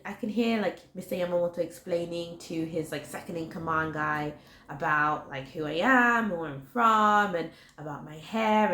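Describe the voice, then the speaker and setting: Chatty young woman telling a story. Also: lowish voice. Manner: chatty, animated, lots of "like". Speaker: vlogger. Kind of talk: storytime vlog. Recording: roomy echo.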